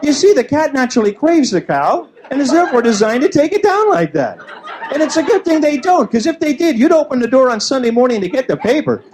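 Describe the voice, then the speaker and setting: Pitched extremely high and talking a little fast, this comedian works a club stage with animated bits full of acted-out voices. The crowd laughs in the background of the noisy early-90s taping.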